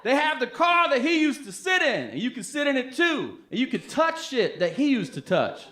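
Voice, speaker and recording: A stand-up comedian doing a high, breathless impression of an excited man gushing about a favorite show. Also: normal speed, roomy sound, full character voice.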